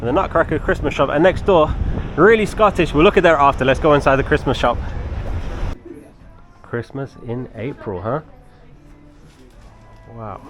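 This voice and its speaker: A man filming a walking travel vlog outdoors on city streets, chatty and enthusiastic, often exclaiming at what he sees. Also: medium pitch. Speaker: travel vlogger.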